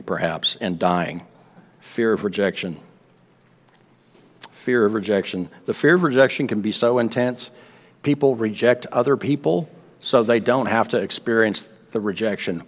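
A man preaching a sermon in a casual, conversational way, often repeating words and asking the congregation questions. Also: on the low side. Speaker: pastor. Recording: long reverb of a hall.

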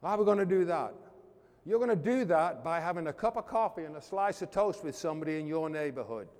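A man preaching a sermon as pastor, fervent, calling out to the congregation and swinging from loud declarations to hushed asides. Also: on the high side, lively intonation, fast, long reverb tail. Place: church.

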